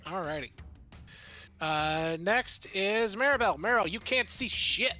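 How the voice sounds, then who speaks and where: A game master running a tabletop game, narrating the scene in an easygoing way with frequent pauses. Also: mid-range voice, expressive, pushed and bright, faint music behind.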